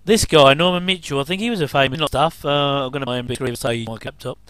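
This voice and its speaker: A man's voice: mid-range voice, fast, a bit bright, clean tone, no echo. A man giving a casual, rambling commentary over an old TV episode, with frequent chuckling asides.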